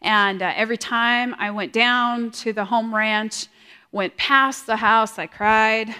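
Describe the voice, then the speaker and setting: A woman sharing a personal testimony in a large hall, earnest and halting, often repeating her words. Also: a little high, steady tone, pushed and bright, clear, resonant tone. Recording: long hall reverb.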